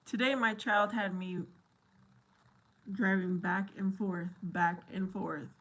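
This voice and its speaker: Middle-aged lady livestreaming, slow easy talk, a bit of fry, giggly and silly. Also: mid-range voice, steady tone, a bit bright. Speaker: livestream host. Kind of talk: casual chat with viewers.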